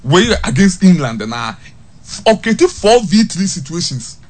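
A man giving an animated football tactics breakdown, repeating key terms and mixing English terms into Twi. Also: high voice, a little slow.

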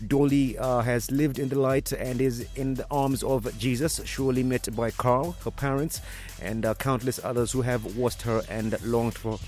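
Guy doing radio news, middle pitch, lots of uh and um, bit of music under it. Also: fairly even intonation, moderate pace, darkish tone. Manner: hesitant, many fillers. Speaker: radio host. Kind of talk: news commentary.

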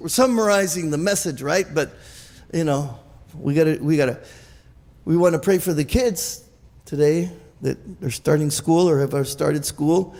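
A man's voice: a little high, a little slow, darkish tone, big-room sound. A male pastor preaching a sermon in a church, talking animatedly with frequent restarts and calls of hallelujah and amen.

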